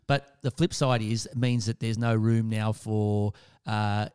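A man's voice: fairly low pitch, fairly even intonation, a little slow, darkish tone, clean tone. An Australian man hosting sports talk radio, upbeat and chatty, with friendly banter.

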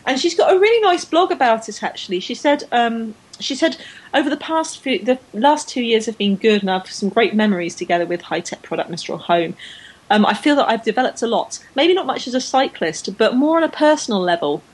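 A woman's voice: a little high, lively intonation, brisk, breathy edge, poor audio. A woman co-hosting a casual podcast chat, enthusiastic and full of fillers and restarts. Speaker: podcast co-host. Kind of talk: casual chat about women's cycling.

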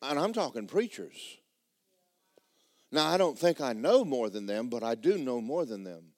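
Folksy preacher with a lively voice. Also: male voice, mid-range voice, normal speed, dry recording, studio quality. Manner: folksy, blunt, rising to fervent shouts. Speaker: pastor. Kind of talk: sermon. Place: church sanctuary.

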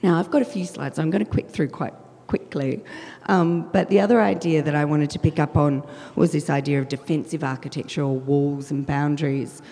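A woman curator, speaking through a croaky, husky voice as she presents her projects in a measured talk with frequent ums. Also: low voice, steady tone, warm tone. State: hoarse, croaky voice. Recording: long reverb of a lecture hall.

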